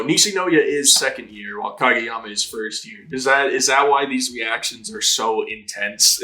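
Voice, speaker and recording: A man hosting a casual anime reaction, talking in an excitable, slangy way and swearing freely. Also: mid-range voice. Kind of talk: casual live reaction commentary.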